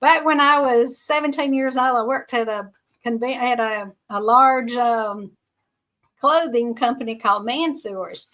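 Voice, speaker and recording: A woman's voice: a little high, unhurried, a bit bright, lo-fi sound. A middle-aged woman with a Georgia Southern accent, hosting a casual livestream, chatty and laughing often while reading viewer comments. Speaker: livestream host.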